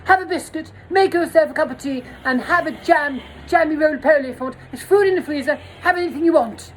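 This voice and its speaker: Giddy middle-aged man, high as a kite, squealing and fussing, as put on by a woman in a storytime vlog. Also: a little fast, a little hiss or hum, natural voice. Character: giggly high-voiced man in his late forties, high on drugs.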